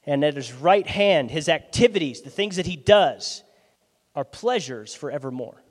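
A male pastor preaching a sermon in a lively, conversational way, his loudness swinging from soft asides to sudden bursts. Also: fairly high pitch, normal speed. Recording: long hall reverb.

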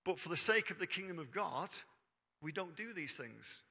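In a church hall full of long reverb, a male preacher's voice rings out, sharply bright and pitched a touch high, with vocal fry and a slightly rough edge. He delivers the sermon expressively at a normal speed, keeping it conversational and asking the congregation questions.

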